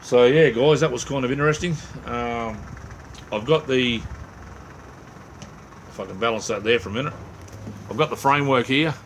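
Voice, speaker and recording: A man's voice: medium pitch, normal speed, pauses often, a little hiss or hum. An Australian man hosting a late-night livestream, rambling casually to viewers with lots of fillers and friendly slang, tired from little sleep. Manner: rambling and laid-back, heavy on "mate" and "um". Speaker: livestream host. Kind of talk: casual live-chat with viewers.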